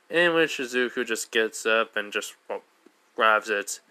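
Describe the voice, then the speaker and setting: Brief: casual male storyteller, rambling, filler-heavy, bright tone. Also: lowish voice, expressive, measured pace, clear, resonant tone. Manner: rambling, lots of fillers and self-corrections. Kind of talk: casual fan story retelling.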